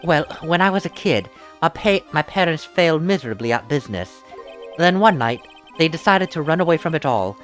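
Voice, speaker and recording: A woman playing a gentle young male circus acrobat from a video game. The voice is pushed low and stays earnest and mild. Faint game music hums under it. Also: animated, brisk.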